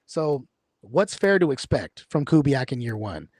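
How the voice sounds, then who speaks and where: A man's voice: medium pitch, sing-song, a little slow, a little mellow, no echo, clean studio sound. Rambling man talking sports. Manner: rambling, many fillers and restarts. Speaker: podcast host. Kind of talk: casual sports talk.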